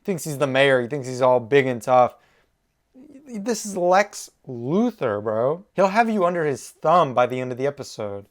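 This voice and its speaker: Speaking at normal speed in a very animated, mid-range voice, a young man reacts to a TV show for his audience. He gets emotional and exclaims often, addressing viewers directly in a casual style while the show's music plays faintly underneath.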